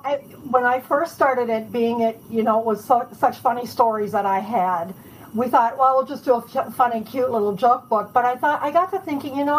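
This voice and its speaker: A woman author telling lively anecdotes in a casual interview, chatting and laughing as she goes. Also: fairly high pitch, slight background noise, poor audio.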